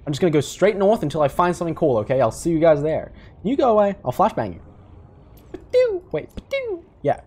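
A man's voice: on the high side, sing-song, quick pace, a little mellow, slightly rough. A young man giving casual, jokey gameplay commentary, rambling and swearing as he plays. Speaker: gaming YouTuber.

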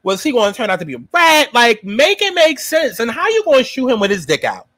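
Speaking a little fast in a very high-pitched voice, a man offers a loose, foul-mouthed rundown and review of a TV episode, acting out how he reacted. The recording is dry.

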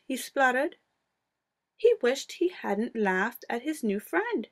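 Woman storyteller, lively picture-book read-aloud. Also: fairly high pitch, takes it slowly. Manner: expressive, playful read-aloud delivery.

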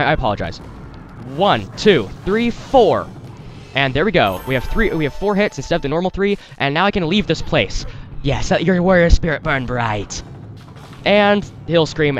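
A man hosting a let's play, giving rambling, apologetic gameplay commentary into a headset mic. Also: mid-range voice. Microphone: desktop headset mic.

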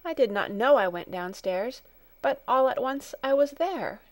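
A woman's voice: high voice, expressive, a little slow, dry recording, voice pushed up. A woman reading a storybook, voicing a timid, homesick little girl who is near tears and gives small, hesitant answers. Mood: homesick, tearful.

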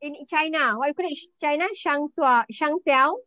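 A Malaysian woman whose first language is Malay, teaching an online Malay lesson in English and slowly repeating words for her students. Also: sits high, highs cut off.

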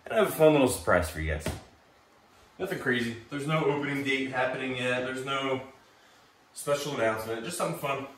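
A man's voice: medium pitch, expressive, brisk. A man coaching a live workout class, upbeat and encouraging, calling out to participants by name. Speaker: fitness instructor. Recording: very echoey room, distant mic, faint hiss.

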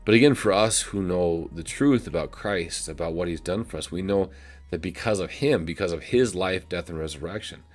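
Low-voiced Midwestern pastor, folksy. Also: male voice, normal speed. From United States. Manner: folksy, many filler "uh"s, chuckles at own jokes. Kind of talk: short video devotion.

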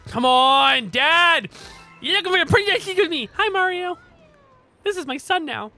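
A man's voice: extremely high pitch, lively intonation, normal speed, sharp tone, soft background music, pitched above the performer's own voice, heavily acted. A man putting on the voice of a bratty young male koopa prince from a video game, smug and mocking. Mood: smug taunting.

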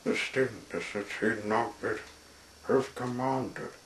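A man reading a storybook aloud as a storyteller, in a slow and deliberate way. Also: mid-range voice, fairly even intonation. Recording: roomy echo with faint background noise.

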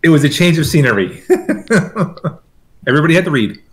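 Lively-voiced chatty man. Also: on the high side, normal speed, crowd noise. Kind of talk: casual chat before a game.

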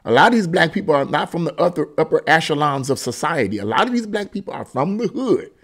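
A man's voice: on the high side, expressive, fast, creaky, a bit bright. A man hosting a political commentary channel, talking casually and emphatically about a news article and often repeating himself.

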